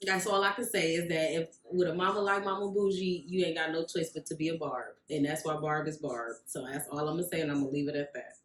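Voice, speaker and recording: A woman tells her story in a casual vlog, acting out what each person said along the way. Her voice sits a bit low. The room around her is echoey. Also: quick pace, hardly any pauses. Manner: animated storyteller, acts out quoted voices. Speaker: vlogger, rug maker.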